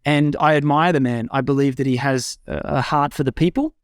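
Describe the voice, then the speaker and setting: Fairly quick and medium-pitched, a young adult man chats as a guest from his home in a rural eco-village. He's casual and enthusiastic, with frequent fillers and restarts, and the recording is dry and studio quality.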